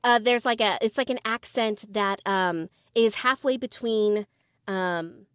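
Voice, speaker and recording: Woman voiceover actor, mid-pitched, explanatory and full of fillers, dry podcast mic. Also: a little slow, clear, resonant tone, dry recording. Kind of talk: casual chat.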